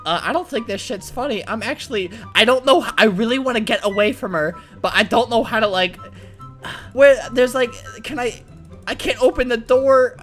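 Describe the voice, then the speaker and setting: A young man giving excitable, foul-mouthed comedic commentary while playing a game, often bursting into laughter. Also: very high voice, normal speed, faint music behind. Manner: excitable, swears a lot, frequent laughing outbursts. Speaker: gaming YouTuber. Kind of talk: comedic let's-play commentary.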